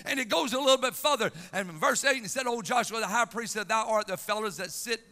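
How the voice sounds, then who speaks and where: A male Southern preacher delivers a fervent revival sermon in a high, bright, gravelly voice, stumbling over repeated words before surging into shouts. He is recorded in a reverberant church sanctuary, with faint organ music behind him. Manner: fervent preaching, halting repetitions and shouted rises. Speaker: pastor.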